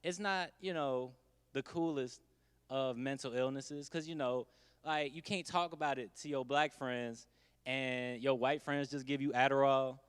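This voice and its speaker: A man's voice: mid-range voice, steady tone, a little slow, clear, resonant tone, long reverb tail. A man doing a stand-up comedy set, laid-back and conversational with wry asides.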